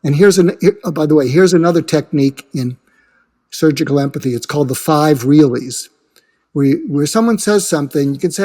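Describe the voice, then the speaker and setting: A man's voice: a little high, a little fast, dark tone, long reverb tail. A man who is a guest expert, explaining earnestly and acting out imagined conversations, often restarting his sentences. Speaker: guest, suicide prevention expert. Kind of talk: conversational explanation with acted-out dialogue.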